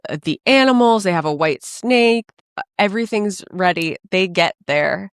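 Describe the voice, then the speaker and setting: A woman's voice: medium pitch, moderate pace, clean tone, no echo, studio quality. A woman co-hosting a podcast, chatting casually and acting out the people in her stories. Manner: animated storytelling, acts out quoted people. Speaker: podcast co-host. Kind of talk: casual chat.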